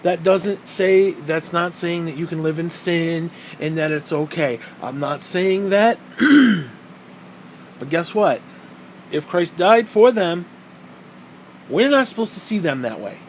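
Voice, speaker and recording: A man's voice: a little high, expressive, slow, slight background noise, low-quality recording. A man giving a heated, profane commentary rant on video, blunt and repeating his points for emphasis. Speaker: vlogger.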